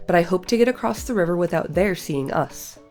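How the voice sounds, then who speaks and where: A woman's voice: fairly low pitch, lively intonation, a little fast, faint music behind. A woman with a cold reading the lines of a worried, evasive young male hobbit, terse and guarded. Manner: terse and guarded, sharp when pressed. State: has a cold.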